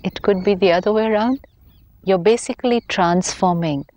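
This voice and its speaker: An Indian woman speaks in a calm, explanatory way, guiding a conversation about spiritual ideas. Her voice sits at an ordinary middle pitch, and she now and then acts out little bits of inner dialogue. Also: normal speed, crowd noise. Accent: Indian English. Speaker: spiritual teacher.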